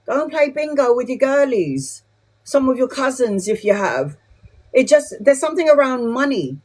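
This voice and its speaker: A woman's voice: fairly high pitch, a little mellow. A woman giving a live tarot reading who talks bluntly and chattily and swears casually. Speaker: tarot reader.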